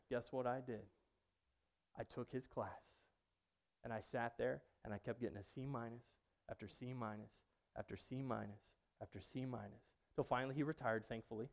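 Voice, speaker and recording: A man preaching a personal testimony sermon, moving between hushed passages and loud outbursts. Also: medium pitch. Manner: dynamic, swings from hushed to loud.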